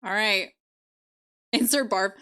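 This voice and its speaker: A woman's voice: medium pitch, takes it slowly, pushed and bright, clear, resonant tone. A woman live-streaming, chatting casually with her viewers and laughing often. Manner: giggly, bubbly, laughs often.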